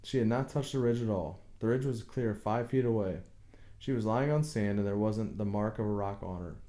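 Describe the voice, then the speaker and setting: Brief: man voicing a dogged boat builder for an audiobook, low and mellow, insistent but respectful. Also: normal speed, lightly acted. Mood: stubborn. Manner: insistent, plain-spoken, deferential to authority. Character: stubborn proud male village boat builder. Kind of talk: audiobook character reading.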